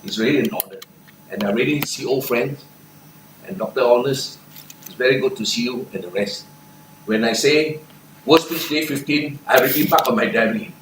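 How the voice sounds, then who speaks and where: Older singaporean man, motivational speaker, punchy and animated, recorded far off in an echoey hall. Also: medium pitch, moderate pace, slight background noise. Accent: Singaporean English. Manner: animated, punchy, with laughs and shouted chants. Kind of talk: lively motivational talk. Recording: echoey room, far from mic.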